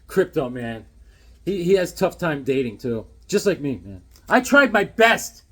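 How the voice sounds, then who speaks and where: A man in his fifties showing off his comic books in a casual joking vlog, acting out voices with sudden loud outbursts. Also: fairly high pitch, sing-song, a little slow, slightly rough.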